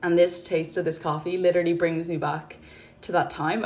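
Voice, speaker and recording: A woman hosting her podcast, talking in a calm, chatty, rambling way into her phone at home. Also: on the low side, moderate pace. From Ireland. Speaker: podcast host and mindset coach. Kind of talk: casual spoken podcast chat. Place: her apartment.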